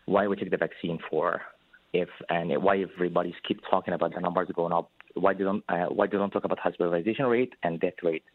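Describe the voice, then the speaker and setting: A man calling in to a radio show for the first time, speaking in a hesitant, halting way. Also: sits low, steady tone, no room sound. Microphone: telephone. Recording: tinny phone line.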